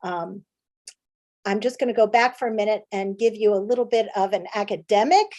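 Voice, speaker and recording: A woman's voice: mid-range voice, a little fast, mellow. A woman from the United States, a playwright and director giving a conversational presentation, with lots of fillers and restarts. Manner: chatty with frequent fillers and restarts.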